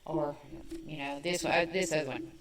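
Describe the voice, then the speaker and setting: A woman from the American South with a Southern accent, hosting a podcast in a chatty, self-mocking way with quick asides. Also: low voice, steady tone. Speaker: podcast host. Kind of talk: casual chat. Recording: echoey room, mic at a distance.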